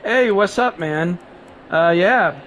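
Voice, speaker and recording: A man's voice: sits high, animated, takes it slowly, fairly bright tone, a little hiss or hum. A man streaming a racing game live, chatting casually and rambling with frequent laughs, sleep-deprived and coughing.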